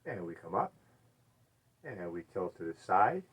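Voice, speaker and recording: A middle-aged man leading a gentle chair yoga class, calmly cueing stretches and breaths and often trailing off into quiet murmured "all right"s. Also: unhurried, husky. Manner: often drops to a soft, low murmur. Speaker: yoga instructor.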